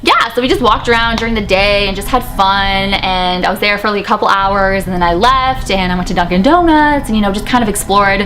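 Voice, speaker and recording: Chatty, excited young woman vlogger. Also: medium pitch, a little fast, few pauses, background noise. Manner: excited, chatty, lots of fillers. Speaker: paranormal vlogger. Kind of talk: casual vlog chat.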